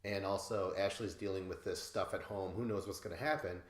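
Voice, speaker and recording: A man co-hosting a podcast, casually recapping a reality show in a lively way and imitating the cast members. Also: low voice, brisk, echoey room. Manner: animated, mimics cast members with laughs. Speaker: podcast co-host.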